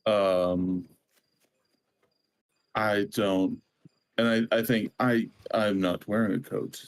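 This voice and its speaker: A man's voice: on the low side, fairly even intonation, slow. A man taking part as a player in a tabletop game, talking hesitantly with stammers. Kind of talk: casual tabletop role-play.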